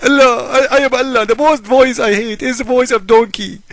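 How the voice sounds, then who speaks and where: A man's voice: extremely high pitch, fairly even intonation, normal speed, no room sound, voice pushed up. A man putting on the voice of a petulant male god who begs and whines, mocking and repetitive.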